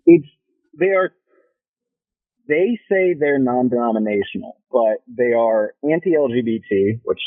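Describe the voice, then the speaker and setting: A man's voice: medium pitch, lively intonation, unhurried, no echo. A man calling in to a show, talking in a hesitant, wry way with many fillers. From Ohio. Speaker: caller. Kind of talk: phone call to a show. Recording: tinny phone line, dry.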